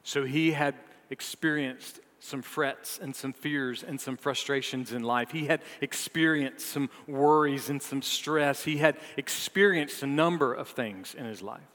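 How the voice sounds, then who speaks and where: A man preaching a sermon, rising to emphatic peaks, then dropping low, with playful asides to the congregation. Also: unhurried, few pauses, fairly bright tone. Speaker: pastor. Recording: long hall reverb.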